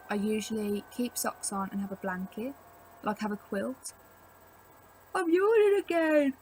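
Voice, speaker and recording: A young vlogger sits at home talking casually to camera, offering tips in a rambling, filler-heavy way with frequent "like". She has a mid-range voice, and the rough recording has a bit of hiss or hum.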